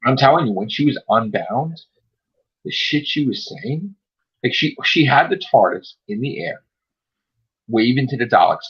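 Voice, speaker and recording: A man co-hosting a casual chat, excitedly retelling scenes and swearing a lot. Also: mid-range voice, normal speed, slightly rough. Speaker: podcast co-host. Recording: dull lo-fi recording.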